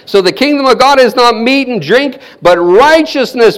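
High-voiced exuberant male preacher. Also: expressive, unhurried, a bit bright. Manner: exuberant, breaks into laughter, repeats call-and-response. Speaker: pastor. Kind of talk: sermon.

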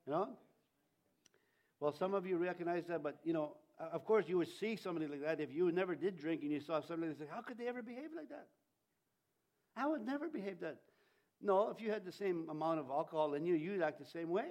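Animated high-voiced preacher man. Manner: conversational, animated, jokey asides. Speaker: pastor. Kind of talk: Easter sermon.

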